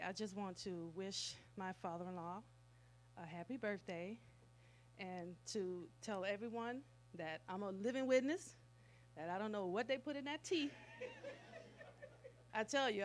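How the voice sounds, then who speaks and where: Earnest woman giving a testimony, faint noise. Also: medium pitch. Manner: earnest, plainspoken. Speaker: daughter-in-law giving a testimony. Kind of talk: personal testimony. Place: live family celebration event.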